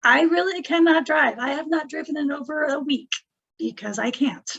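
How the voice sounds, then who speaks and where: Woman w/ high gravelly voice, choked up and heartfelt, muffled lo-fi call sound. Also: a little fast, a bit bright. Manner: heartfelt, near tears. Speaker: team member. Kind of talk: emotional tribute on a call.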